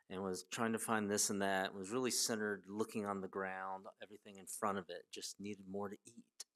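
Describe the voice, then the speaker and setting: A man giving a children's message in a service, telling a fable in a plain, gentle, folksy way. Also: lowish voice. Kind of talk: storytelling to children.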